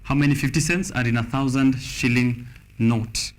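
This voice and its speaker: A man's voice: mid-range voice, fairly even intonation, normal speed, heavy background noise. Kenyan man hosting a playful quiz. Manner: laughing, playful. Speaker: TV show host. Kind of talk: casual quiz chat. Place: TV studio.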